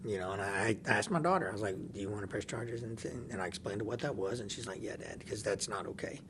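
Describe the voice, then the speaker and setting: Animated man telling a story. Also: lowish voice, quick pace, background noise. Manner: animated, laughs often, acts out dialogue. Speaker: podcast guest. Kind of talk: casual storytelling.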